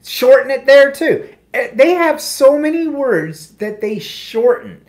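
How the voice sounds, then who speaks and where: A man's voice: very high-pitched, animated, measured pace. A middle-aged man with an Ontario Canadian accent, co-hosting a casual live chat in a wry, self-deprecating way. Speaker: co-host.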